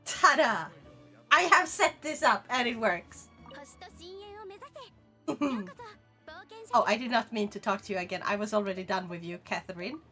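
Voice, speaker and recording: Swedish-accented young woman, gaming streamer, bright voice, soft game music behind. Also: medium pitch, lively intonation. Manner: playful, bantering with chat, quick laughs. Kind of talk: casual gaming stream chat.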